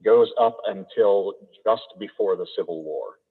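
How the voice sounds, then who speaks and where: A man's voice: lowish voice, a little slow, slightly rough. A man with an Idaho American accent, an audiobook narrator, answering interview questions in an easygoing way with frequent chuckles and restarts. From Idaho, USA. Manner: easygoing, chuckling, repeats words when starting. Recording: tinny call audio echoing in a hall.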